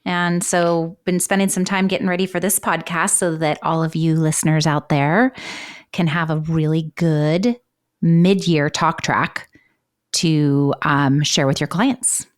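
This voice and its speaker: A woman's voice: low voice, steady tone, unhurried. A middle-aged woman co-hosting a real estate podcast, bubbly and emphatic, with a playful edge. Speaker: podcast co-host. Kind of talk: casual chat.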